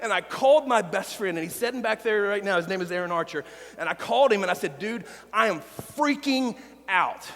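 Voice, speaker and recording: A man preaching a sermon as pastor, earnest and personal, with quiet confessional stretches. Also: high-pitched, fast, big-room sound. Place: church sanctuary.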